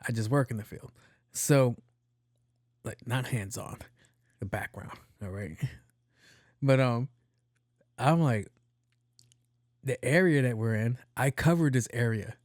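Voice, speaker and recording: A man hosting his own podcast, telling a story in a profane, animated way. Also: mid-range voice, slow, long pauses, dry recording, studio quality. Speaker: podcast host. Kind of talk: casual storytelling monologue.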